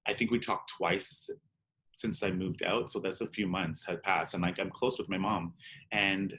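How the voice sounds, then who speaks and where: A man's voice: deep voice, fairly even intonation, moderate pace, a bit bright, a little hiss or hum. A man telling a personal story in an interview, candid and emotional, acting out the dialogue and peppering his speech with "like". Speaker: drag performer and interview guest.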